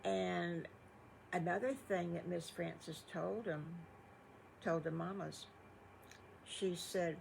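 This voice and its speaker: A woman's voice: fairly low pitch, takes it slowly, creaky, pauses often, a little mellow, a little hiss or hum, poor audio. An older woman telling improvised children's stories, folksy and rambling. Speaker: grandmother storyteller. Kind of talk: improvised bedtime storytelling.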